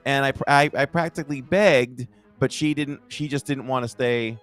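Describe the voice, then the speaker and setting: A man co-hosting a casual podcast, animated and rambling, his voice jumping up when he gets excited. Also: medium pitch, normal speed, soft background music. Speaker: podcast co-host.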